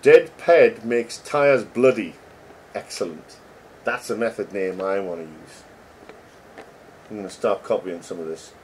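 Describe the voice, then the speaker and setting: A man's voice: fairly low pitch, unhurried, long pauses, slight background noise. A middle-aged man, a game developer chatting casually and joking as he reads code names aloud. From England. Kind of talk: casual commentary while reading code.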